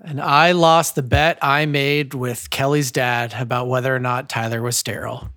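A man's voice: medium pitch, fairly even intonation, moderate pace, bright, forceful tone. A man hosting a podcast in casual chat, with a dry, teasing manner. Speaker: podcast host.

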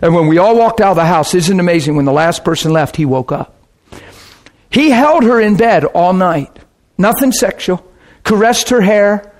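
A middle-aged man preaching and telling a story as a pastor, animated, jumping into shouts when he gets worked up. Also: high voice. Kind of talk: sermon storytelling.

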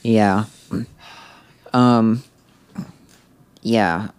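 A man hosting a comedy podcast, chatting casually and laughing often between halting, filler-laden remarks. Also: fairly low pitch, steady tone, smooth. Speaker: podcast host.

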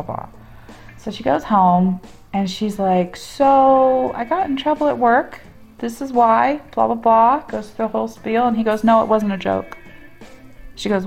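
A woman's voice: medium pitch, gravelly. Laughing woman telling a wild story. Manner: animated storyteller acting out quoted people, laughing often. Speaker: podcast co-host. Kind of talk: casual storytelling chat.

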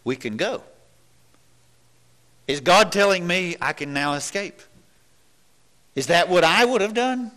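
A man preaching a sermon. His voice sits a little high and sounds bright and forceful. He is earnest and questioning, restarts often, and drops low when he acts out doubtful thoughts. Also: animated, measured pace, long pauses.

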